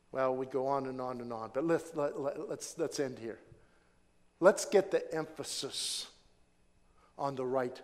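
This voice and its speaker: A man preaching a sermon as a pastor, emphatic, repeating key phrases and asking the congregation to answer his questions. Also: mid-range voice. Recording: long reverb from a large hall.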